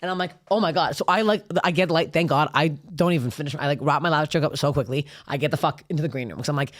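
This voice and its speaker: Woman, podcast co-host, rapid-fire profane storytelling, acts out quotes, dry close mic. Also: low-pitched, no echo. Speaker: podcast co-host, stand-up comic. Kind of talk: casual storytelling chat. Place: podcast studio.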